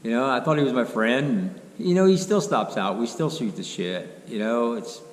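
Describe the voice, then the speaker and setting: A man's voice: mid-range voice, moderate pace. A middle-aged man, telling a long rambling story in a casual, folksy way and quoting what others said. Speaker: car restoration vlogger. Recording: roomy echo, faint background hum.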